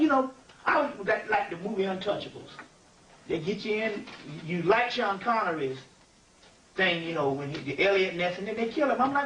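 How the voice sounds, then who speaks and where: A man with a fairly high voice gives a loose, lively lecture that drifts from point to point and keeps checking that the room follows him. He sounds set back from the microphone, in an echoey room with a faint ambient hum behind him. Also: normal speed, far from the mic. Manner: animated, digressive, keeps asking "you see what I'm saying". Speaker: lecturer on spiritual history. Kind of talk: informal spiritual lecture.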